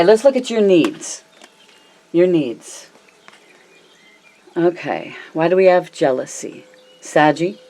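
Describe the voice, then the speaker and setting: A woman giving a casual tarot reading to viewers, chatty and affectionate, calling them her loves and honey, and often slowing down for emphasis. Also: expressive, mellow. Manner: varies her pitch and pace a lot, slows down for emphasis. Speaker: tarot reader.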